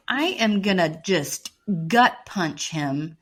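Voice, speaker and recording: Slow-talking, expressive woman podcaster. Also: on the low side, noisy background. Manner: slow, lively, exasperated reactions with frequent backchannels. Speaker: podcast co-host. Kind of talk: casual reality-TV recap chat.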